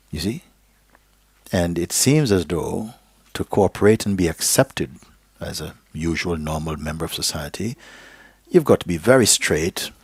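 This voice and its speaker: A very low, husky male voice giving a live spiritual teaching to an audience. He talks slowly and gently, sometimes sinking into a soft whisper. The sound is dry and close, with little room around it. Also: no echo. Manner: slow, gentle, drifting into a soft whisper at times; checks in with listeners with "okay?" and "you see?". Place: live gathering hall.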